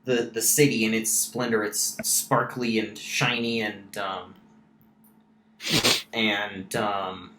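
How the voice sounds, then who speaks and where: A man's voice: fairly low pitch, level tone, slow pace, background noise. Male game master, loose filler-heavy narration, echoey room. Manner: casual, many fillers and restarts. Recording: roomy echo.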